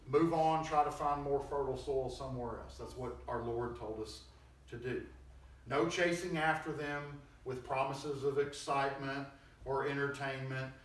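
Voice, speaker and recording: A male preacher giving an emphatic, conversational sermon and acting out quoted voices, recorded in a church hall. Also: mid-range voice. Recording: very echoey hall, distant mic, faint noise.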